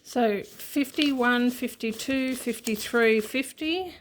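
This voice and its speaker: An Australian woman chatting casually to her viewers as she counts cash out loud, with plenty of ums along the way. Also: on the high side, takes it slowly, slight background noise. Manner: chatty, counts money aloud, many fillers. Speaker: budgeting channel host. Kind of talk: casual unscripted chat while counting cash.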